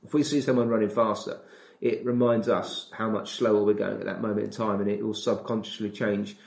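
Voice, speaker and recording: A man, a running coach and podcast guest, explaining ideas in casual chat with an animated manner and acted-out asides. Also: lowish voice, fairly quick, vocal fry, roomy sound. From Britain. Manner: animated, acts out his inner dialogue.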